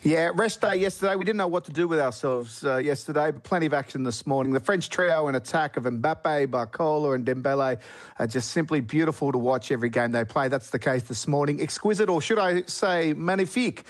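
A man's voice: mid-range voice, brisk. An Australian man presenting the sports segment on breakfast radio in an upbeat, chatty way.

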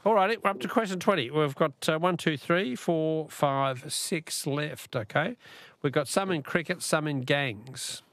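A man's voice: fairly high pitch, a little slow, a bit bright, dry recording. An Australian man hosting a live talkback radio quiz, chatty and coaxing, repeating the question for callers. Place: radio studio.

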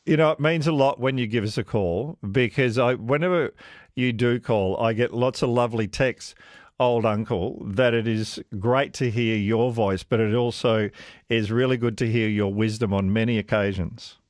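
On talkback radio, a man with a mid-range voice speaks at a moderate pace, trading warm, casual banter with callers and laughing frequently. The sound is studio quality, with no room sound at all.

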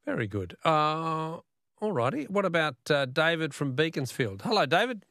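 Chatty Australian radio quiz host. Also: male voice, fairly high pitch, big pitch swings, normal speed, a bit bright, no room sound, studio quality. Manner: chatty, laughs easily.

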